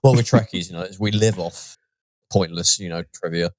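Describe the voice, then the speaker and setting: A man co-hosting a podcast in casual chat, wry and jokey, trailing off softly. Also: sits low, normal speed, no room sound. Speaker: podcast co-host.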